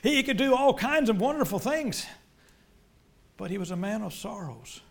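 Middle-aged male pastor with a high voice, preaching with passion and dropping to quiet asides. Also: very animated, moderate pace, vocal fry. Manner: impassioned, swings between loud emphatic lines and quiet low ones. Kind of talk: sermon.

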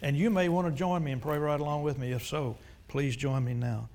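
A man preaching a sermon and leading a prayer, swinging from loud urgent preaching to hushed pleading. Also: on the high side, fairly even intonation, brisk, few pauses, slight background noise.

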